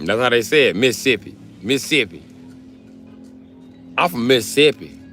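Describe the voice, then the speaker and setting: A man's voice: mid-range voice, very animated, a little fast, bright, forceful tone, faint music behind. A man chatting casually on a livestream, reading comments and trading crude, joking banter with his viewers. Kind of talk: casual live stream chat. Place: South Carolina.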